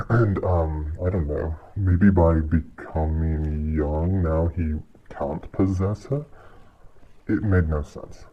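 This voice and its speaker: Dull lo-fi audio with a faint hiss captures a man's bass voice, slow and breathy-edged. As a video creator, he gives a casual ranting commentary on a movie, exasperated, cursing often and sighing between points.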